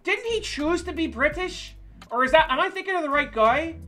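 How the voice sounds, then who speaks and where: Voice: high voice, lively intonation, normal speed, pushed and bright, faint music behind. A game streamer chatting casually with viewers while playing, joking and swearing freely. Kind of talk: casual gameplay commentary.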